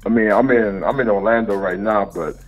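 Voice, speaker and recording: A man's voice: on the low side, fairly even intonation, a little fast, highs cut off, over music. A man from the Virgin Islands calling into a talk show, stumbling over and repeating his words in a laid-back way. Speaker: caller. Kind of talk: phone-in chat.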